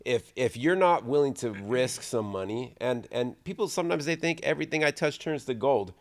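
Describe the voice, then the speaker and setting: A man in a casual podcast chat, talking in a relaxed, upbeat way and pausing on fillers. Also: mid-range voice. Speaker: podcast guest.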